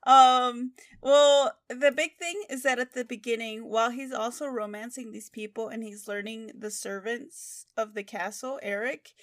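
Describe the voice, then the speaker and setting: A young woman casually chatting about a book on a podcast, animated and laughing as she quotes characters. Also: a little high, normal speed, hardly any pauses. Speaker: podcast co-host.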